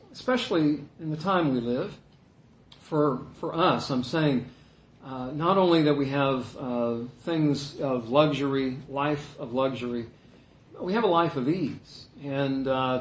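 A man preaching a sermon as a pastor, earnest and emphatic, pausing often with "uh". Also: on the high side. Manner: earnest, emphatic teaching with frequent "uh" pauses. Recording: echoey room.

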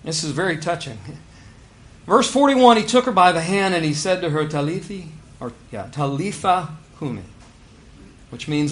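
A man with a fairly high voice preaches a sermon. He swings between loud, emphatic lines and hushed asides, and keeps asking his listeners rhetorical questions. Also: lively intonation, normal speed.

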